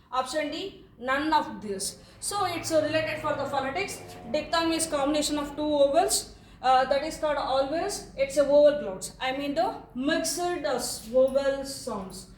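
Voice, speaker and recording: A woman with an Indian English accent, an English teacher walking through exam answers, repeating each option slowly and saying okay often. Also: sits high, slight background noise. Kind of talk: exam answer walkthrough lesson. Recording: echoey room, voice from a distance.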